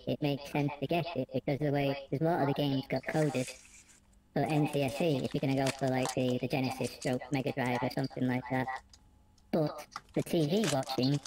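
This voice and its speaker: A woman co-hosting a live stream, relaxed and reminiscing as she relays the chat. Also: extremely low pitch. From United Kingdom. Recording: noisy line.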